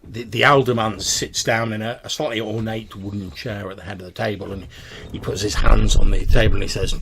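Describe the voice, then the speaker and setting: A man's voice: on the low side, steady tone, brisk, hardly any pauses, noisy background. A man narrating a tabletop game as game master, in a casual, rambling way full of fillers.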